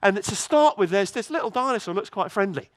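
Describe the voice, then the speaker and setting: A man preaching a sermon in a church, telling a story in a lively way with many restarts. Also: high voice, a little fast, dry recording.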